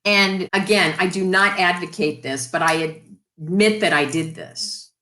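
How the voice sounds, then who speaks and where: A woman telling stories as an interview guest, animated and lively in her telling. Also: lowish voice, unhurried. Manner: animated storyteller. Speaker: guest, radio industry executive. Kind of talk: casual interview storytelling. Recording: roomy echo.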